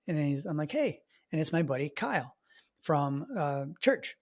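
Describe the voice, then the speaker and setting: Brief: male podcast co-host, lively anecdote teller who voices the people he quotes. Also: fairly high pitch, normal speed. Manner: animated storyteller, acts out quoted voices. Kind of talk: casual chat.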